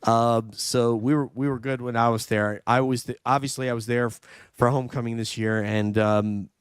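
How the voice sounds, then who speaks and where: A man's voice: mid-range voice, steady tone, moderate pace, clear, resonant tone, dry recording, studio quality. A man from New York hosting a casual livestream chat, thanking viewers and reading the live chat aloud. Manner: chatty, reads out live chat. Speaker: livestream host.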